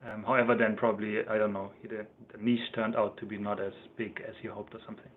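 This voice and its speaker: A man's voice: on the low side, level tone, fast talker, slight background noise. A man from Germany with a German accent, chatting casually and rambling on a livestream, often laughing and reading out chat comments. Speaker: livestream host. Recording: tinny phone-like sound.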